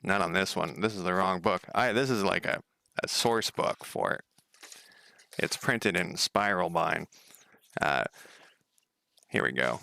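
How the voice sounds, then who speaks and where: A man's voice: low-pitched, expressive, unhurried, gravelly, pauses often, sharp tone, smooth, dry recording, studio quality. A man coding a game on a casual livestream, thinking aloud, rambling, swearing casually and chatting with viewers.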